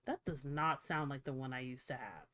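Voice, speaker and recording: A woman streamer chatting casually to her viewers, swearing freely and reacting out loud while she fiddles with settings. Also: rumbling low, normal speed. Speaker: livestreamer. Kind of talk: casual livestream chat.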